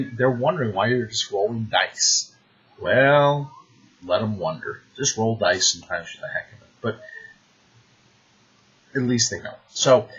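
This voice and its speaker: A man who runs tabletop games, giving animated, conversational advice with frequent restarts. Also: mid-range voice, slightly rough. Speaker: game master. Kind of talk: advice talk to the camera. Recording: dull lo-fi recording.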